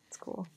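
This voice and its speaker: A woman's voice: a little mellow, slight background noise. A woman giving casual let's-play commentary, chatty and giggly, thinking aloud as she plays. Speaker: gaming streamer.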